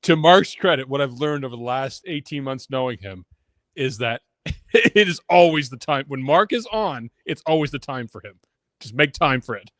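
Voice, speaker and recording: A man hosts a casual fantasy football and betting show in a mid-range voice. He runs through picks briskly and ribs his co-hosts between them. The sound is dry and close, with no room tone. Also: medium pitch, lively intonation, a bit bright, no room sound. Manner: brisk, runs the draft order, teasing. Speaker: podcast host. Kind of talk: casual sports betting chat.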